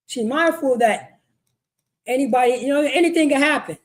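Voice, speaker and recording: In a meeting hall, a woman with a high-sitting voice speaking at normal speed teaches a religious law class. Her delivery is an emphatic, repetitive street-style sermon, and she often asks "you know what I mean."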